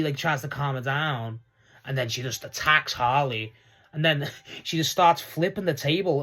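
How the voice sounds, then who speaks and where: An excitable young man with a somewhat high voice chats casually through a wrestling recap. He rambles, restarts his sentences and breaks into laughter often. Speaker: wrestling show reviewer.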